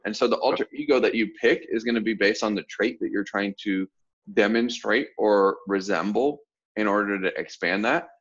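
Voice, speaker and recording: A man's voice: fairly low pitch, moderate pace, a bit bright, breathy edge, lo-fi sound. A man from the southern United States, a sales coach, explaining ideas casually with examples on a group coaching call.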